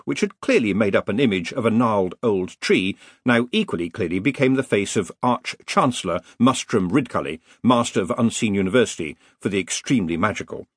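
A man's voice: on the low side, husky, no echo. A man narrating an audiobook in a wry, dry comic storytelling manner. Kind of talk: scripted narration.

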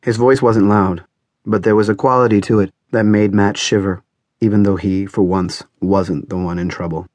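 A man narrates a novel in a measured, dramatic reading. His voice sits fairly low, and the recording is dry and close with no room sound. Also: steady tone, darkish tone, dry recording. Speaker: audiobook narrator. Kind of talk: scripted narration.

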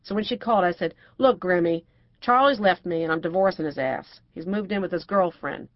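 A woman's voice: on the low side, a little fast, no room sound, muffled recording, lightly acted. A woman narrator voicing a brassy, outspoken middle-aged divorcée who talks bluntly and crudely.

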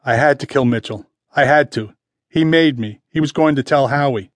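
A man's voice: mid-range voice, normal speed, no echo, lightly acted. A male narrator voicing a wounded, frightened middle-aged man who moans in pain as he confesses. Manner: pained, moaning, confessing.

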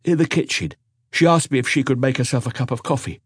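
A man's voice: mid-range voice, quick pace, breathy edge, no room sound, clean studio sound, pitched above the performer's own voice, natural voice. A man reading an audiobook, voicing a timid young police inspector who reports nervously and stumbles over words. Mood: reporting. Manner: nervous, stammering.

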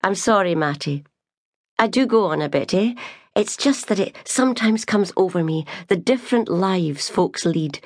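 A woman's voice: fairly low pitch, animated, normal speed, no room sound, clean studio sound. A woman voicing a thoughtful, restless young female maid. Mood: wistful.

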